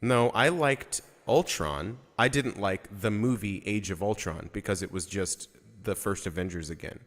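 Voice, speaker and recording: A man's voice: lowish voice, moderate pace. A man chatting casually on a video call as an open mic regular, rambling with lots of filler words and laughing as he talks. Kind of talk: casual chat.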